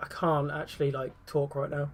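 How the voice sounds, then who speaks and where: A young man, commentating on a live game stream, casual and excitable and swearing freely. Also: fairly high pitch, moderate pace.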